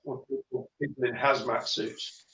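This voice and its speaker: A man's voice: medium pitch, steady tone, moderate pace, fairly bright tone. A man guesting in a casual chat with dry, wry humour, on echoey, dull remote audio.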